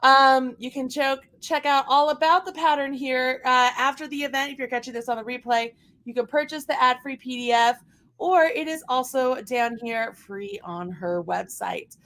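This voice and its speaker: A woman's voice: sits high, normal speed, fairly bright tone. A woman hosting a casual live craft stream, chatting as she clicks through a website. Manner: chatty, talks to her dog while scrolling.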